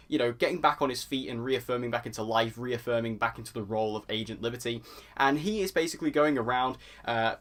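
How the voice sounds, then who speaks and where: A man rattles quickly through his review of a TV episode, chatty and enthusiastic. His voice sits at an ordinary pitch and he piles on praise as he goes. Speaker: TV review vlogger.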